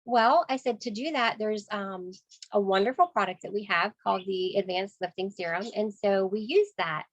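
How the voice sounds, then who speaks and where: A woman sales consultant, telling a lively story on a video call, acting out voices and laughing often. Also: mid-range voice, moderate pace, no room sound, lo-fi sound.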